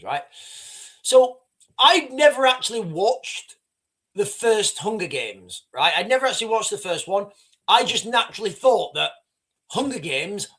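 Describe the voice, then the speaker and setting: A livestream host with a high-pitched, slightly bright voice talks to his viewers in a rambling, conversational way and reads out their chat comments.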